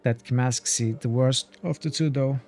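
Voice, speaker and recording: A man's voice: mid-range voice, normal speed, darkish tone, close to an everyday voice. A scornful woman gossips about a rival in a sneering, catty tone, read out by a man. Faint music hums in the background of this fantasy role-playing game. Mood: gossiping.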